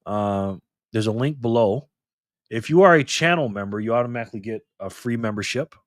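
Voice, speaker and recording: A man's voice: mid-range voice, expressive, fairly quick, no room sound, clean studio sound. A man hosting a casual live stream, greeting viewers by name and reading their chat messages aloud in an upbeat, loose way. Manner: loose delivery with fillers and laughs.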